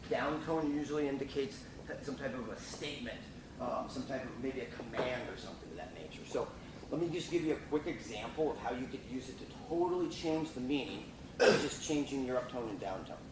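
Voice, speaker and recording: A middle-aged man talks through a sales training lesson in a loose, repetitive way, full of fillers and restarts. He sits some distance from the mic in a reverberant room, with steady background noise. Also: medium pitch, fairly quick. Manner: casual, repeats himself, many fillers and restarts.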